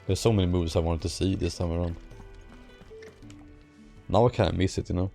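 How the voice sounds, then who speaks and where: A man's voice: deep voice, steady tone, fairly quick, vocal fry, warm tone. A man streaming a game, chatting casually, swearing and mocking the game's dialogue. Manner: sarcastic, swearing, hums and mocks the dialogue. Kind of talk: casual let's-play commentary. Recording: game music faint behind.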